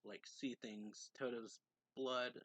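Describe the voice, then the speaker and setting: Guy rambling through a manga recap, lots of "like", clears his throat a lot, dry close sound. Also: mid-range voice, steady tone, slow pace, a bit bright, no room sound. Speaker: manga reviewer. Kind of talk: casual chapter recap.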